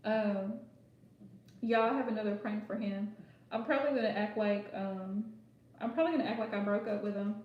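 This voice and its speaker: A woman's voice: medium pitch, steady tone, moderate pace, muffled recording. A playful woman hosting a casual livestream chat, joking and laughing often as she talks. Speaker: host. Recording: very echoey room.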